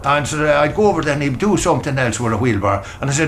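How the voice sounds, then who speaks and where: Rambling older Irish farmer, lively pitch. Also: male voice, racing, a little hiss or hum. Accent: Irish, rural Meath. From Ireland. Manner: rambling, chatty, folksy storytelling. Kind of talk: casual documentary talk. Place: farmhouse, indoors.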